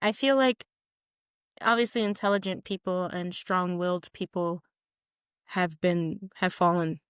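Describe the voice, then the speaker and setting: Animated young woman chatting on a podcast. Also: on the low side, a little slow, clean tone, dry recording, clean studio sound. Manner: animated, jokey, calls co-host "friend", acts out quotes. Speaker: podcast co-host. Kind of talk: casual chat.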